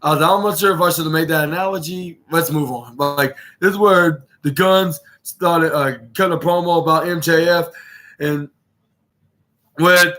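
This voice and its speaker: A man's voice: fairly high pitch, fairly even intonation, normal speed, sharp tone. A man hosting a podcast, recapping a wrestling show in a rambling, casual way with lots of fillers and restarts. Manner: rambling, many fillers and restarts, acts out quotes. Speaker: podcast host.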